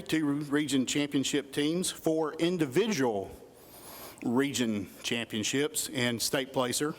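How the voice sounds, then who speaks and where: A middle-aged man gives a heartfelt induction speech as a coach. He speaks into a podium microphone in a school hall, building emphasis as he lists achievements. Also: medium pitch. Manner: earnest, listing achievements with rising emphasis. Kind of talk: emotional ceremony speech.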